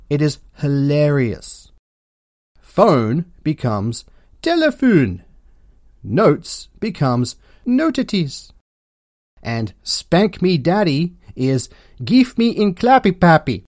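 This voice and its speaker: A man with an Australian accent hosting a comedic history podcast, delivering sarcastic, deadpan jokes. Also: medium pitch, no echo, studio quality. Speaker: podcast host.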